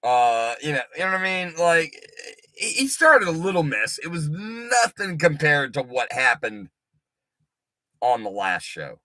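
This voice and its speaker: A man co-hosting a show, chatting casually in an animated, profane, rambling way. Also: a little high, unhurried, no room sound. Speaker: podcast co-host. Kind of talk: casual chat.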